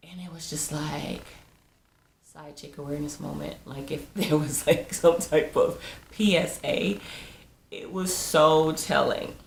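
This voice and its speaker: A woman's voice: low-pitched, fairly even intonation, unhurried, gravelly, a little hiss or hum. A woman giving a chatty, casual recap of a TV episode, laughing often and acting out the characters' lines. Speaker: TV episode reviewer. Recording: roomy echo.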